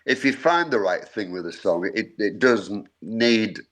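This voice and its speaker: A man's voice: fairly low pitch, animated, unhurried, fairly bright tone, low-quality recording. Older man telling studio stories. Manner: rambling anecdotes with repeated words and frequent laughs. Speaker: musician guest. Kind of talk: casual interview storytelling.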